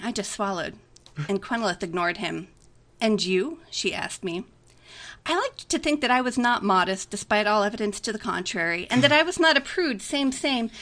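A woman's voice: mid-range voice, a bit bright. A woman reading a romantic comedy aloud in a chatty way, giggling often between lines. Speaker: story reader.

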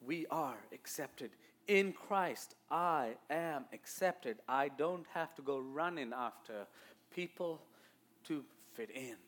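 A man with an Indian accent preaching a sermon to a church, moving between quiet asides and loud, emphatic declarations. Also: fairly high pitch, animated, slow. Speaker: pastor.

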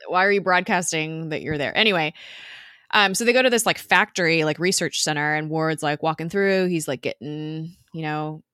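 A woman's voice: sits low, normal speed, pushed and bright, no echo, clean studio sound. A woman co-hosting a podcast, chatting casually as she recaps an episode, laughing often. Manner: chatty, laughs often, recounts scenes with quoted voices. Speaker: podcast co-host.

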